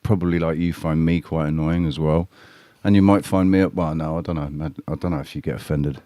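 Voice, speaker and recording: A man's voice: extremely low pitch, fairly even intonation, brisk, mellow, dry recording, clean studio sound. A man chatting casually on a live stream, rambling and blunt, swearing freely and talking straight to his viewers. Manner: addresses chat viewers directly. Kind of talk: casual livestream chat with viewers.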